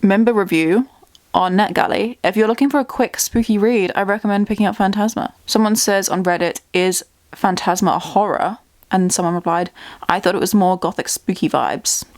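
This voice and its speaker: A woman's voice: mid-range voice, normal speed, a little mellow, dry recording. A young woman chatting casually as a book vlogger at home, bubbly and talkative, thinking aloud. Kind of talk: casual chat.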